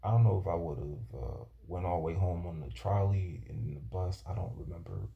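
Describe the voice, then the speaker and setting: A man telling a personal story from his youth in a halting, rambling way, often restarting his sentences. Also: low voice, creaky, narrow, tinny audio. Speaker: vlogger.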